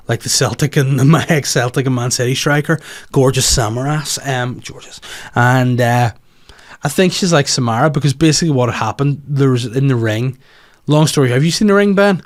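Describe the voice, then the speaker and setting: A man with a Northern Irish accent runs his own comedy podcast, talking in a loose, rambling, animated way. He swears freely and riffs from one tangent to the next. His voice sits at an ordinary middle pitch. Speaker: podcast host. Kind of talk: casual comedic monologue.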